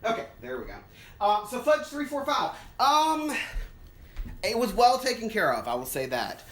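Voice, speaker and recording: A middle-aged vlogger excitedly setting up an old home computer, thinking aloud and tripping over words with delight. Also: mid-range voice, moderate pace, a little hiss or hum. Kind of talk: casual unboxing and setup commentary.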